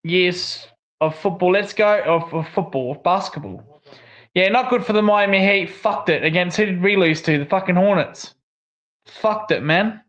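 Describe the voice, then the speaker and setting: A young Australian man co-hosts a livestream, chatting casually and ranting with plenty of swearing. His voice sits high with a fairly bright tone.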